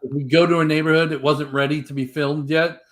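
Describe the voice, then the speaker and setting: A man's voice: a little high, level tone, brisk, a bit bright. A man co-hosting a live stream, casually reading viewer comments and chatting about upcoming videos. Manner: easygoing, reads comments aloud.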